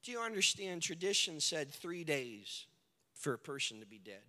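A male pastor preaching a sermon, retelling scripture scenes with animated storytelling and building to shouted climaxes. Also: a little high, moderate pace, big-room sound.

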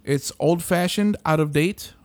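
Man, podcast co-host, crude casual banter, bit high, dry close sound. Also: a little slow, no room sound. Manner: crude, argumentative.

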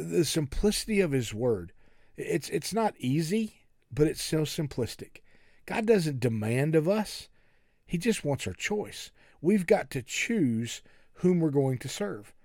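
A man's voice: medium pitch, dark tone, no room sound, studio quality. A male pastor giving an earnest sermon, repeating words and often dropping to a near whisper.

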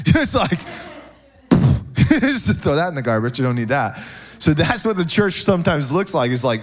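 Animated joking man preaching a sermon. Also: on the high side, moderate pace. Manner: animated, joking with the congregation, frequent "okay?". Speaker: pastor. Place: church.

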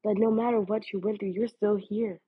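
Husky-voiced woman preaching on a lo-fi line. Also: medium pitch, fairly even intonation, moderate pace. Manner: earnest, preachy, many fillers like "y'all" and "like". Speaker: podcast host. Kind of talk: casual devotional podcast talk. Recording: phone-like, lo-fi audio.

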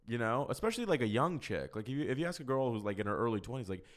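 A man's voice: mid-range voice, sing-song, rapid-fire. Frank, foul-mouthed male podcast host. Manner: frank, profane, rambling with fillers. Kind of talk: casual solo chat answering listener questions.

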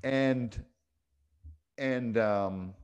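A man's voice: mid-range voice, drawn-out words, smooth. A middle-aged man telling a story on a casual spiritual podcast, reflective and full of small restarts. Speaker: podcast co-host.

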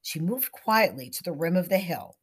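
A woman narrating a suspenseful short story in a hushed, dramatic reading. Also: on the low side, lively intonation, moderate pace, husky.

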